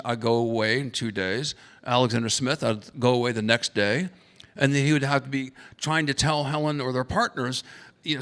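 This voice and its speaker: A man's voice: mid-range voice, fairly bright tone. A middle-aged man speaking on a conference panel, telling stories in a rambling way with restarts and acting out quoted voices. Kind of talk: conversational storytelling on a panel. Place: conference hall. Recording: long hall reverb.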